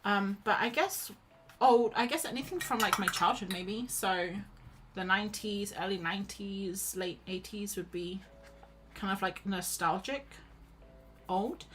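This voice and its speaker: A woman's voice: mid-range voice, measured pace, fairly bright tone, a little hiss or hum, poor audio. A woman chatting casually and rambling as she paints on a stream. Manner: chatty, rambling, self-deprecating. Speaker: art streamer. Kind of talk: casual chat while painting.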